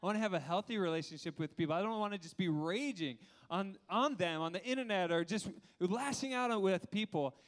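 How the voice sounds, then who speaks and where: This pastor, in his thirties, has a noticeably high male voice and moves briskly through his sermon with few pauses. Lively throughout, he laughs along the way and often addresses questions to the congregation.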